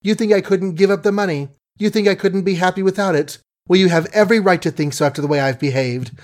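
A man reading an audiobook, voicing a proud, quick-tongued young woman in a raised voice with brisk, emphatic delivery. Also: high-pitched, a little mellow, pitched above the performer's own voice, natural voice. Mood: spirited.

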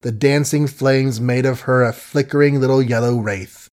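A man narrating a novel in an even, unhurried literary reading. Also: mid-range voice. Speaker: audiobook narrator. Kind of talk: scripted narration.

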